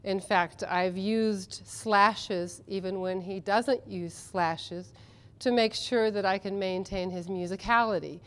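Woman, literary translator, conference panel talk, enthusiastic, frequent ums, middle pitch. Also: clean tone. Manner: chatty, enthusiastic, many ums. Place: conference session room.

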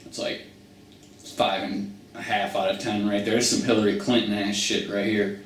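A man doing a casual, crude food-challenge vlog, talking slowly and sometimes with food in his mouth. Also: on the low side, little pitch movement, slight background noise. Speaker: food review vlogger. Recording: roomy audio from far mic with guitar music.

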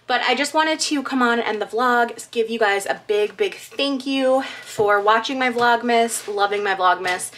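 Bright, gushing woman vlogger. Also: a little high, unhurried, hardly any pauses. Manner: gushing, emotional. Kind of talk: casual vlog chat, reading holiday cards.

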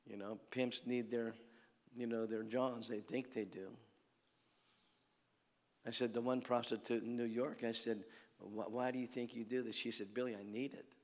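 A man preaching at a healing crusade, telling stories and swinging between loud calls to the crowd and hushed lines. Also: medium pitch, level tone, normal speed. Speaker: evangelist preacher. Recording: long hall reverb.

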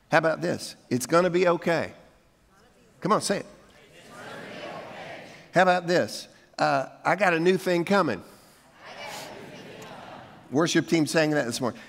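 Gravelly older pastor preaching. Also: male voice, a little high, unhurried, pauses often, a bit bright, slight background noise. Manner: folksy, preachy, coaxes the congregation to repeat lines. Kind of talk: sermon. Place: church sanctuary. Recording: long hall reverb from a church sanctuary.

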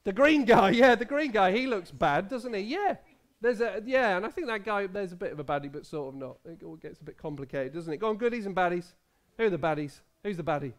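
Fairly quick and animated, a high-pitched man in his thirties quizzes children playfully as pastor in a church hall. This family service talk is full of restarts and laughter.

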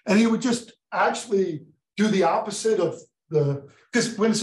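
A male professor giving a casual lecture with questions from the audience, talking in an animated way and acting out the dialogue he quotes. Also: high-pitched, moderate pace, echoey room, low-quality recording. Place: lecture room.

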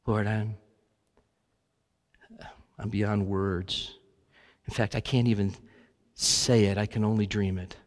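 A man leading a congregation in an earnest, halting spoken prayer in church. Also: on the low side, steady tone. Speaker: guest preacher leading prayer. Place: church sanctuary.

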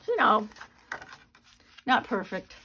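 Slow-talking woman showing her handmade cards. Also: lowish voice, fairly bright tone, slight background noise. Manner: chatty, unhurried walk-through. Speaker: card-making channel host. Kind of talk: casual show-and-tell of handmade cards.

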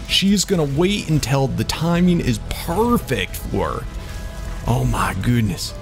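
Brief: excitable male gaming commentator, slightly high, gravelly edge. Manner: excitable, yelps and exclaims often. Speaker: gaming YouTuber. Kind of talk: excited let's-play commentary.

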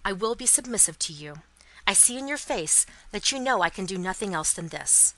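A woman's voice: mid-range voice, lively intonation, normal speed, bright, forceful tone, rough recording. A woman voicing an anxious, commanding old male banker in a storybook reading, giving urgent commands.

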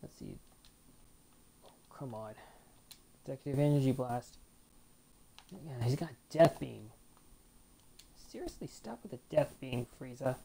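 A woman's voice: a bass voice, lively intonation, a little slow, creaky, long pauses, mellow, breathy edge. A woman host giving chatty let's-play commentary, reacting to a fighting game and reading its text aloud. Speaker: gaming channel host.

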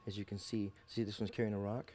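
A man's voice: on the low side, flat delivery, fast talker, warm tone. A man who guides tours at a bug museum, explaining insects with enthusiasm on live TV.

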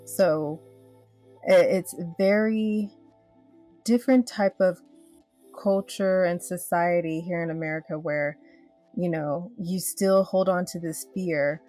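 Female host, lowish voice, measured and reflective, light fillers; faint music bed. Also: fairly even intonation, warm tone. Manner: thoughtful, measured, with "uh" and "you know" fillers. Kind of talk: casual conversation.

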